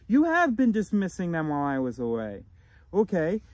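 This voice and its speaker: A man voicing his own inner "higher voice" as a quick, practical planner. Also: wildly swooping pitch, dry recording. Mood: upbeat planning.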